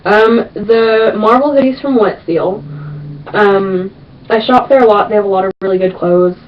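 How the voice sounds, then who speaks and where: A woman's voice: medium pitch, moderate pace, slight background noise. A young woman answering viewer questions in a casual vlog, chatty and emphatic, repeating words for stress. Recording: distant, dull lo-fi webcam sound.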